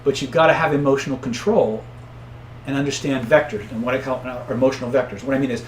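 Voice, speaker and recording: A man coaching viewers on influence in a casual live-stream, often tagging points with "right?" and shouting out angry characters when he tells stories. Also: mid-range voice, steady tone, fast talker, roomy sound, slight background noise. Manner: conversational, tags points with "right?"; acts out angry voices loudly in stories. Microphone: own camera setup.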